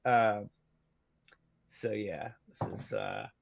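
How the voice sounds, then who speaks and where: A man's voice: fairly low pitch, sing-song, drawn-out words, creaky, dry recording. A man playing a tabletop game, describing his character's actions hesitantly and with many fillers. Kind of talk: casual tabletop game chat.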